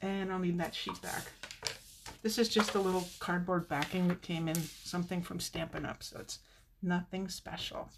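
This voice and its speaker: A woman's voice: fairly low pitch, fairly even intonation, moderate pace, noisy background. Chatty woman crafting on a live stream. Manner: chatty, talks to viewers, muttering asides. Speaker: card-making demonstrator.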